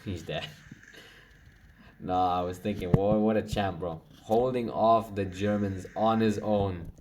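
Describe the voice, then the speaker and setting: A young man commentating his own video game play, getting excited and swearing when it goes wrong. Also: lowish voice, slow pace, noisy background. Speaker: gaming channel host. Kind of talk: gameplay commentary.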